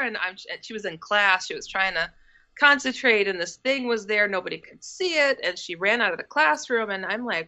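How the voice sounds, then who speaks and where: A bright-voiced American woman tells a story in an animated, chatty way, acting out the lines of the people in it. The audio sounds dull and lo-fi. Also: mid-range voice, moderate pace. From United States, Milwaukee. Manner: animated, acts out quoted dialogue, laughs through the telling. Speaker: guest. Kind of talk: casual first-person storytelling.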